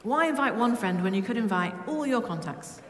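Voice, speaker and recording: A woman from Britain preaching a lively, humorous sermon to her church. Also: a little high, a little fast, slight background noise. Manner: humming song snippets. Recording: echoey church with long reverb.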